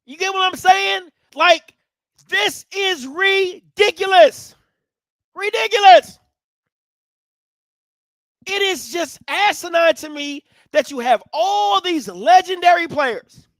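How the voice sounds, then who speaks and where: A man hosting a live sports talk stream, swinging from low musing to loud, animated ranting. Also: slow pace, gravelly, long pauses, no room sound. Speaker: sports commentary host.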